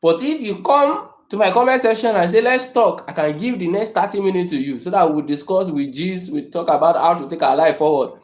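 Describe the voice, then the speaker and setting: A man's voice: high voice, a little fast, darkish tone, echoey room. A man hosting a motivational livestream, emphatic and repetitive, talking in a room. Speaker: livestream host. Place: room indoors.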